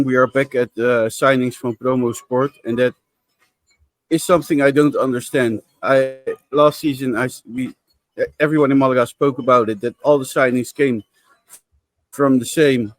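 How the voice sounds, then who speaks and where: A man's voice: medium pitch, no room sound. A man co-hosting a football podcast, giving frank, opinionated views with some repeated words. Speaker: podcast co-host. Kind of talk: casual football podcast chat.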